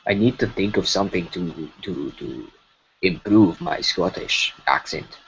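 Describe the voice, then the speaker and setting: Man, live-stream chatter, stammering restarts, very low voice, muffled lo-fi sound with faint hiss. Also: animated, measured pace, vocal fry, a bit bright. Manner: rambling, stammering with frequent restarts. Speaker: streamer and animator. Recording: dull lo-fi stream audio with faint noise.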